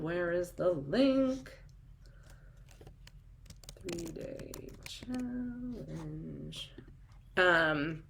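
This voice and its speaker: Woman, 40s, business coach hosting a livestream; slow and unhurried, chatty, upbeat and encouraging, lots of ums. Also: lowish voice, a bit bright. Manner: chatty and upbeat, reading out viewer comments; encouraging, with frequent ums and trailing asides. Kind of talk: live-streamed coaching chat.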